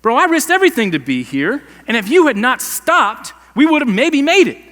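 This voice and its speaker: A man's voice: very high voice, very animated, normal speed, pushed and bright, big-room sound, voice pushed up, exaggerated voice. A pastor putting on a frantic pleading father. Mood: exasperated. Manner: exasperated, pleading, slangy. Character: frantic desperate father pleading to hurry, adult man. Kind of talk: sermon re-enactment.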